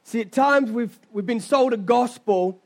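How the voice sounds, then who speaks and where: A man's voice: very high voice, a little slow, a little mellow. A young man preaching a sermon as pastor, telling stories and asking his listeners rhetorical questions. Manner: conversational storytelling with rhetorical questions.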